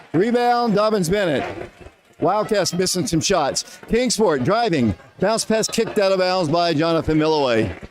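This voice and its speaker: A man calling a high school basketball game live on the radio, quick and winded, lifting his voice on big plays. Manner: rapid, rising excitement on big plays. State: out of breath. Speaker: radio play-by-play announcer.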